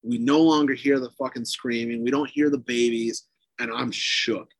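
A man talks loosely and profanely, piling on fillers as he tells a spooky tale. His voice sits in an ordinary middle pitch. The sound is dry and close. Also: moderate pace, no echo. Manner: profane, animated, lots of fillers. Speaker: podcast guest. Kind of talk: casual storytelling.

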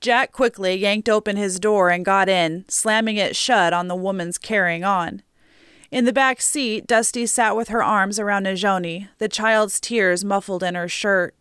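A woman reading a story aloud as an audiobook narrator, steady and measured, on a close mic. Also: medium pitch, clean tone, dry recording.

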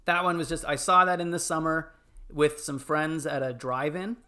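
A man's voice: fairly high pitch, moderate pace. Chatty man recounting film scenes. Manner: animated storytelling, fillers. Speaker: podcast panelist. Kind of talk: casual chat.

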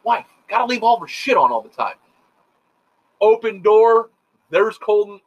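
A middle-aged man telling rambling, profane stories in a casual chat, animated and full of quoted voices. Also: high-pitched, unhurried. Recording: dull lo-fi sound.

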